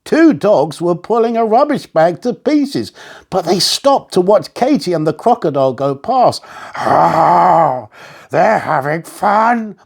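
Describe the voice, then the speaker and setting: Animated male storyteller. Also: high-pitched, normal speed. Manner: animated, expressive reading. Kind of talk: children's story narration.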